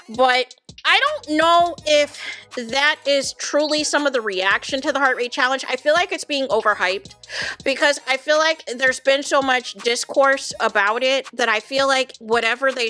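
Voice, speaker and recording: A woman with a high, bright, ringing voice dishes on reality TV in casual reaction commentary. She retells drama with lively flair and speaks directly to her audience. Soft music plays faintly underneath. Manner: animated, dramatic retelling, addresses viewers as y'all.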